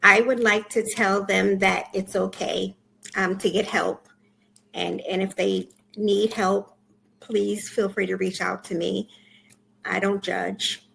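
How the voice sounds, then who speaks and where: A woman being interviewed over a video call, her voice full of fry and gravel. She keeps her answers short and soft-spoken, with a faint hiss of noise behind her. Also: medium pitch, flat delivery, slow pace, poor audio. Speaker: podcast guest.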